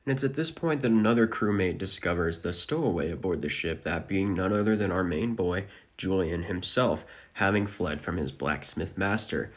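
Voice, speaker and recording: A man's voice: sits low, moderate pace, hardly any pauses. A man narrating a dramatic recap of a manga chapter.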